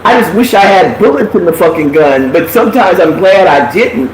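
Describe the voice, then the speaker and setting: A woman's voice: medium pitch, fairly quick, hardly any pauses. A woman host telling a personal story in casual chat, with lots of profanity, acting out what people said. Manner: profane, animated, acts out quotes. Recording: echoey room with faint noise.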